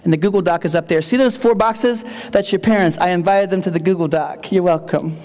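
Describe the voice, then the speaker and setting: A man's voice: sits high, fairly quick, a little mellow. A man giving a humorous conference keynote, telling stories and repeating key phrases for effect. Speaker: keynote speaker. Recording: long hall reverb.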